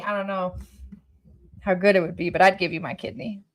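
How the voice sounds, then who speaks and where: A woman talking casually to her viewers, blunt and emphatic, who swears freely and swings from loud outbursts to soft asides. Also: mid-range voice, fairly even intonation, brisk. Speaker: vlogger. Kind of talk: casual personal talk to viewers.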